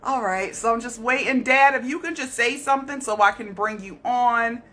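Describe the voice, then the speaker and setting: A woman's voice: on the high side, normal speed, a bit bright, a little hiss or hum. A woman hosting a casual livestream, chatting and greeting viewers with terms of endearment like honey and babe. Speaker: livestream host.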